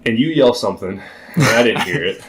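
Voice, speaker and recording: A young man, a podcast guest, telling a story in casual chat with animated delivery, frequent laughs and many filler words. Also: on the low side, brisk, slight background noise.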